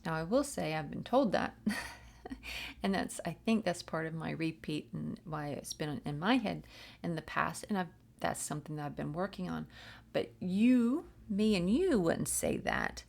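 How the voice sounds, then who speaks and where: Gravelly-voiced woman giving a chatty pep talk. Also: low-pitched, sing-song, a little slow, a little mellow. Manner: chatty, rambling, self-mocking, encouraging. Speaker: spiritual reader, channel. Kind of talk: casual spiritual pep talk to camera.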